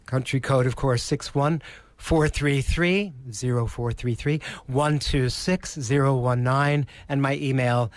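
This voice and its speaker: A man with an Australian accent, a presentation coach on a podcast, speaking slowly with theatrical emphasis. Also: mid-range voice, steady tone, no echo. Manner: slow, theatrical, emphatic delivery. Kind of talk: podcast interview.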